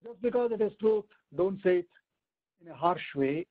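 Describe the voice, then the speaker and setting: A man teaching a weekly scripture class, explaining step by step with rhetorical questions and slow recitations. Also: sits high, animated, narrow, tinny audio. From India. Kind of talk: weekly online scripture lesson.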